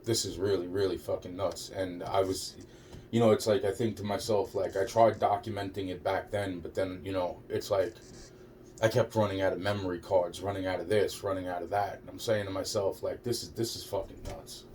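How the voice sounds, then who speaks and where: A man's voice: deep voice, fairly even intonation, fairly quick, darkish tone. Agitated, swearing man rambling from afar. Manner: agitated, repetitive, heavy swearing, trailing restarts. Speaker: vlogger. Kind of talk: rambling personal monologue. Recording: distant mic with faint background noise.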